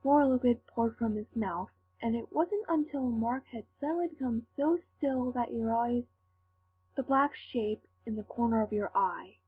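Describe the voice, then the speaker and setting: A woman reading fan fiction aloud, slowly and carefully. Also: a little high. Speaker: fanfic reader. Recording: tinny lo-fi with faint hum.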